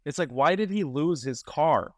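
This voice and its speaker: A man's voice: a little high, lively intonation, normal speed, a little mellow, dry recording. Male podcast co-host, dry close mic, profane and rambling. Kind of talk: casual movie review chat.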